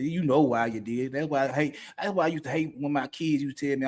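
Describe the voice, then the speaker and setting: This middle-aged podcast co-host talks candidly and without a script, blunt and profane, often laughing in the middle of a sentence. His voice is fairly high and a little mellow, and he talks fast with few pauses.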